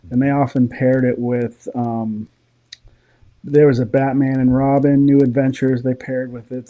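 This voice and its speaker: Mellow-voiced man telling lively stories. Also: mid-range voice. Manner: animated, opinionated, laughing storyteller. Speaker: guest. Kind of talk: casual interview chat.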